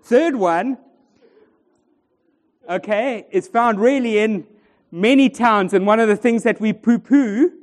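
A man's voice: high voice, takes it slowly, pauses often. A man preaching a sermon in a church, joking and bantering with the congregation. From South Africa. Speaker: pastor. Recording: long church reverb.

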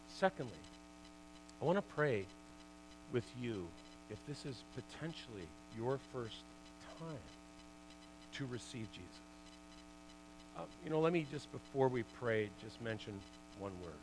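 Animated man preaching in church. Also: medium pitch, measured pace, long pauses, background noise. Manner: animated storyteller, loud bursts dropping to hushed. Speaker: guest preacher, former hockey player. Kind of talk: sermon testimony.

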